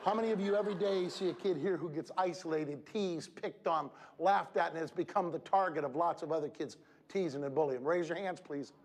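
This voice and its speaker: A man giving a motivational talk to students at a school assembly, animated and breaking into shouts. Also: on the high side, fairly quick, hardly any pauses. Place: large school hall. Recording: reverberant hall with audience.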